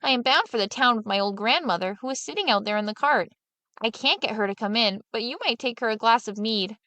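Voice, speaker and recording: A clever young farmhand, voiced by a woman reader, talks high and eager. He is cheeky and quick with a trick. The reading sounds dry and close. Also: sharp tone, no room sound. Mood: sly. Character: young male farmer Little Claus, clever and cheeky.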